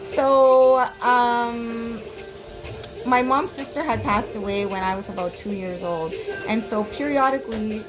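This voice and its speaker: A woman's voice: fairly high pitch, unhurried, music in the background, poor audio. A woman in her forties from Canada, telling blunt, profane stories from her childhood in a casual vlog, full of fillers. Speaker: vlogger.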